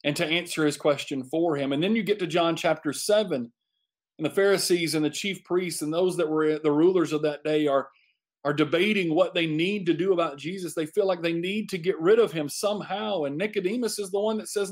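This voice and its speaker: Emphatic preacher man, slightly high voice. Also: fairly quick. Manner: emphatic, repeats phrases for effect. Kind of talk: sermon.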